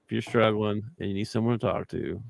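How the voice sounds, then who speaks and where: Easygoing gravelly man, dry close sound. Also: fairly low pitch, fairly even intonation, fast, dry recording. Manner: easygoing, laughs often, teasing. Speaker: podcast co-host. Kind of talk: casual chat.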